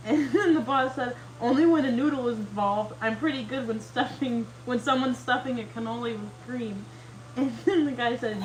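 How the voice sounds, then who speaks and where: A slightly high-voiced woman chats through a funny story, breaking into laughter along the way. Her voice rings in an echoey room. Loud noise hums behind her. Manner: laughs often while retelling a story. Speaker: podcast host. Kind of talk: casual storytelling chat.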